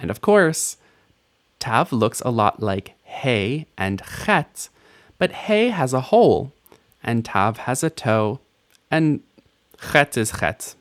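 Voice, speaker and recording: A man's voice: mid-range voice, very animated, takes it slowly. A man teaching a recorded language lesson, playful and self-mocking, laughing at his own jokes.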